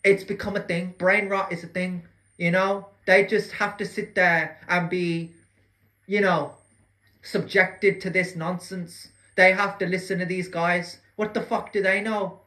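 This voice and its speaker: A man's voice: high-pitched, level tone, unhurried, bright, forceful tone. A man delivering a rambling, agitated rant to camera. He swears often, stumbles over words and drops slangy asides like "bro". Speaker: vlogger. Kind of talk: ranting monologue to camera.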